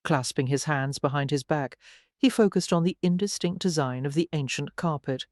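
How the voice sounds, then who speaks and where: An audiobook narrator reading a romance novel in a measured, even way. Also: mid-range voice, no echo, clean studio sound. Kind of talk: scripted narration.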